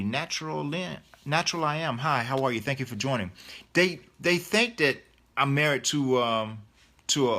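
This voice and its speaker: Bright-voiced man answering reader questions. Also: mid-range voice. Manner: reads viewer comments aloud, then answers them chattily. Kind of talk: casual live Q&A.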